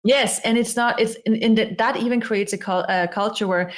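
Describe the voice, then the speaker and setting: A middle-aged woman, a non-native English speaker, talking as an interview guest, with halting restarts, often acting out quoted dialogue. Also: fairly high pitch, steady tone. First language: not English. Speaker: guest, psychology author. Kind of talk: interview conversation.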